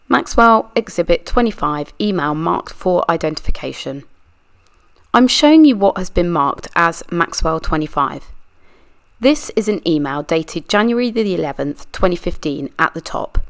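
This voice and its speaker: Reenacting a deposition aloud, a true crime channel reader takes the part of a persistent adult lawyer asking a witness methodical, pressing questions. She has a fairly low, fairly bright voice with vocal fry, delivered animatedly at normal speed.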